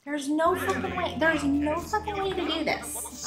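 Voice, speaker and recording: A woman's voice: very high-pitched, measured pace. A woman streaming a video game, chatting casually and grumbling sarcastically, with frequent swearing. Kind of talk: casual live-stream chat while gaming.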